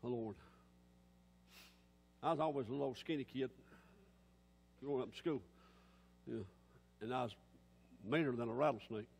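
A man's voice: medium pitch, moderate pace, gravelly, long pauses, a little mellow, slightly rough. A man, a pastor, preaching an impassioned sermon in a folksy, plain-spoken way. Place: church sanctuary. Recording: long church hall reverb.

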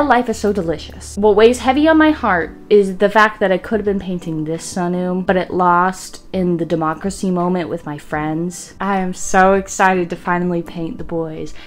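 A young woman chatting to camera as an art vlogger. She talks in a playful, rambling way and jokes around. Her pitch sits in the middle for a woman. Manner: playful, goofy, rambling fan chatter with jokey voices. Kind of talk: casual chat to camera.

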